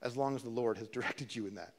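A man's voice: mid-range voice, fast, creaky. A man preaching a sermon in a conversational way, often repeating words and restarting phrases, with dry humorous asides. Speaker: pastor.

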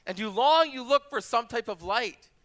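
A man in his forties, a pastor, preaches a sermon in a very high voice at a normal speed. He tells personal stories and repeats phrases for emphasis, acting out the voices he quotes like an animated storyteller.

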